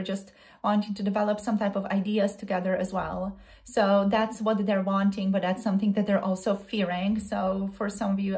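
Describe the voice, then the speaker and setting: A woman at a middle pitch reads tarot cards in a loose, spoken way. She thinks aloud, circles back over her words and breaks into excited exclamations. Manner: thinks aloud, repeats and restarts phrases. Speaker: tarot reader. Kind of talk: casual tarot reading to camera.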